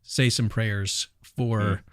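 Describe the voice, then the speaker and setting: A man hosting a casual livestream discussion, chatty and quick, hedging with fillers. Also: fairly low pitch, steady tone, no echo, studio quality. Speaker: livestream host.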